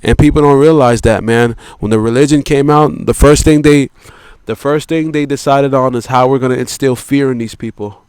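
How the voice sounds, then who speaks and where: Smooth-voiced man ranting, dry close sound. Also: mid-range voice, fairly even intonation, moderate pace, hardly any pauses, a little mellow, no echo. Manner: profane, repetitive, peppered with "you know" and "man". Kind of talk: rambling philosophical monologue.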